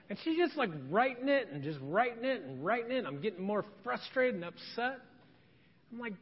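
High-voiced male pastor preaching in a hall. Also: big pitch swings, breathy edge. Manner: earnest, conversational preaching with dramatic pauses. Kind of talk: sermon. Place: church sanctuary. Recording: dull, hall reverb.

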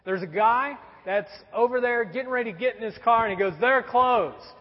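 A man's voice: very high voice, a little fast. A man in his forties, a pastor telling a story in a sermon with a conversational, wry humor. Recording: dull sound with long hall reverb.

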